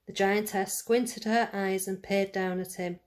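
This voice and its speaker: A woman reading a fairy tale aloud to children, gentle and speaking to them directly. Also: medium pitch, steady tone, unhurried. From United Kingdom. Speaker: storyteller for children. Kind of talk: read-aloud storytelling.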